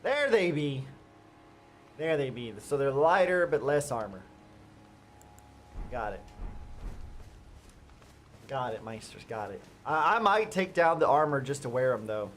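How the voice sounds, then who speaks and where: A man giving chatty live gameplay commentary as a streamer, talking straight to his viewers and breaking into excited outbursts. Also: medium pitch, a little slow, long pauses, a little hiss or hum. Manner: chatty, addresses viewers directly. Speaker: gaming streamer.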